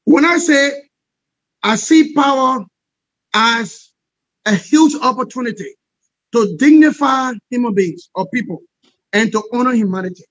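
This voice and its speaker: A man giving an impassioned political interview as a guest, forceful and repetitive, often asking "all right?". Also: extremely high pitch, measured pace, long pauses, no echo, muffled recording.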